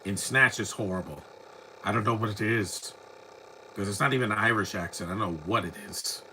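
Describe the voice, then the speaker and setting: A man from the United States, talking over a movie in a rambling, opinionated way and often restarting his sentences. His voice sits a little low but sounds bright and forceful. A faint hum of noise runs beneath him. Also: brisk, poor audio. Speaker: movie commentary host. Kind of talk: casual live movie commentary.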